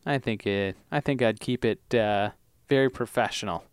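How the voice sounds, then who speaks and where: A woman's voice: very deep voice, normal speed, clean tone, dry recording. A woman co-hosting a podcast in casual chat, throwing in short reactions and dry jokes. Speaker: podcast co-host.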